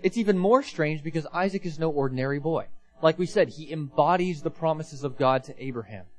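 Earnest preaching man, slightly higher voice. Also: fairly quick, a little mellow, soft background music, poor audio. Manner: earnest, emphatic, repeats words for stress. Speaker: pastor. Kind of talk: sermon.

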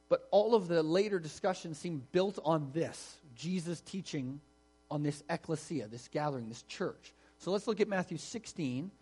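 A man's voice: on the high side, darkish tone, breathy edge. A man preaching a sermon in an explanatory, conversational way, stressing key words. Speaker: pastor.

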